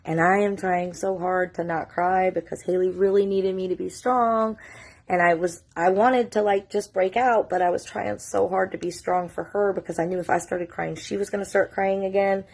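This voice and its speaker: A woman's voice: mid-range voice, fairly even intonation, moderate pace, vocal fry, a little mellow. A middle-aged woman tells a family story to the camera in a casual vlog, emotional and fighting back tears, swearing freely. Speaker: mother telling her family's story.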